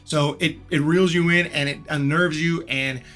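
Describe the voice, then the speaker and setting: Bright-voiced man rambling through a review. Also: a little high, fairly even intonation, normal speed, soft background music. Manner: frank, rambling, repeats words as he thinks aloud. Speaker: movie reviewer, channel host. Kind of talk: casual spoken movie review.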